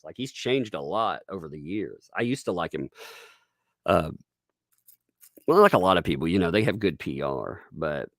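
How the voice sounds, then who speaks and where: A man's voice: deep voice, sing-song, moderate pace, gravelly, long pauses, a bit bright, no room sound, studio quality. A man with a Southern US accent, chatting casually on a live stream, rambling with restarts and frequent chuckles as he reads viewer tips.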